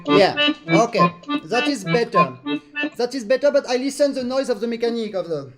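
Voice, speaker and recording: A man's voice: extremely high pitch, expressive, moderate pace, fairly bright tone, faint music behind. A man teaches an accordion master class over a video call, explaining patiently and singing rhythms in syllables. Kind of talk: online master class instruction.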